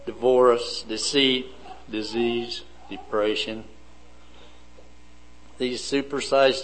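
A man preaching a sermon slowly and deliberately, building his points in lists. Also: medium pitch, low-quality recording.

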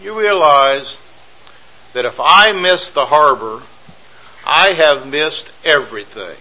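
Male pastor, sermon delivery, emphatic and repetitive, bright forceful tone. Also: a little high, expressive, slow pace, long pauses, low-quality recording. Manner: emphatic, repeats phrases for effect, rhetorical questions. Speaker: preacher.

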